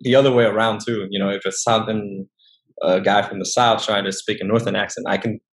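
A young man from northern Vietnam with a Vietnamese accent, speaking English as his second language in a casual interview and often pausing and restarting. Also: on the low side, steady tone, poor audio. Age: young adult. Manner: hesitant, many fillers and restarts. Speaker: guest.

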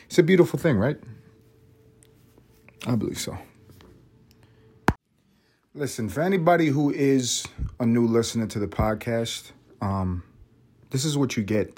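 A man's voice: mid-range voice, a little slow, pauses often, darkish tone. Profane, rambling man hosting a podcast. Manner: profane, rambling, self-mocking. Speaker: podcast host. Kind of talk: casual solo podcast monologue.

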